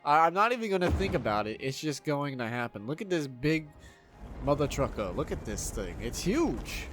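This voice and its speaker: A man casually commentating his own city-building game, excitable, swearing freely and laughing often. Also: fairly high pitch, moderate pace, music in the background. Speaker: gameplay video host. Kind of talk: casual let's-play commentary.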